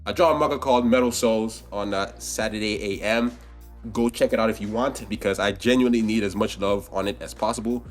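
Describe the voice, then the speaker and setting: A man's voice: lowish voice, fairly quick, soft background music. A young man co-hosting a casual podcast, joking and swearing loosely, with a scratchy voice. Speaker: podcast co-host. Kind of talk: casual chat.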